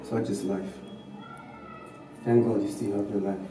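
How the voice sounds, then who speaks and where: A calm, sympathetic doctor, played by an actor, explaining gently. His low voice sounds from far off in an echoey room, with music behind. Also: unhurried, noisy background, natural voice.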